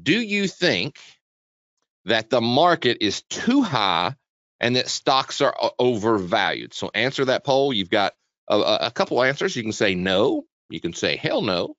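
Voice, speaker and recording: A man hosting a live trading webinar, chatty and energetic, talking quickly with frequent restarts. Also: medium pitch, no room sound. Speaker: webinar host, trading educator. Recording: dull, dry lo-fi sound.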